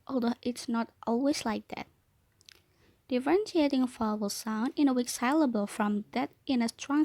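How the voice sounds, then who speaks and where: A young woman from Indonesia, a student presenting a lesson and reading definitions aloud, carefully slowing to repeat key points. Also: on the high side, creaky, a little mellow, no room sound. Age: young adult. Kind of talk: read-aloud explanatory lesson.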